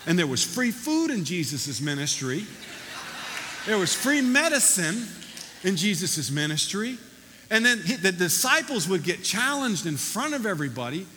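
A man preaching a sermon as pastor, animated and emphatic, recorded in a church hall. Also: sits high, normal speed, slight background noise.

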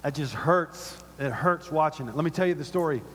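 A middle-aged pastor preaching a sermon in a church, animated and repetitive, dropping to soft asides between louder points. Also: male voice, fairly high pitch, brisk, slight background noise. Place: church auditorium. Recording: long reverb of a large hall.

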